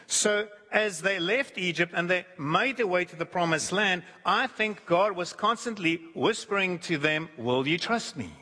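A man preaching a sermon who acts out quoted voices, shifting his pitch and pace. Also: unhurried, few pauses, bright, forceful tone. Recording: long hall reverb.

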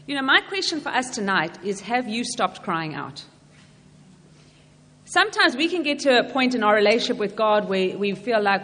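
A woman's voice: fairly high pitch, fairly bright tone, a little hiss or hum. A woman preaching a sermon to women, earnest and repeating questions to the audience. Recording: long hall reverb, faint ambience.

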